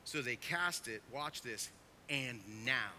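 Bright-voiced emphatic male preacher. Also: medium pitch, expressive, slow, slight background noise. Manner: emphatic, swings from quiet to loud. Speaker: pastor. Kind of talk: sermon.

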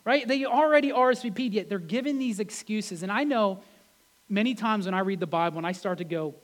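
High-voiced man preaching a conversational sermon. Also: brisk. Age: adult with wife and kids. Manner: conversational, peppered with rhetorical questions. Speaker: pastor.

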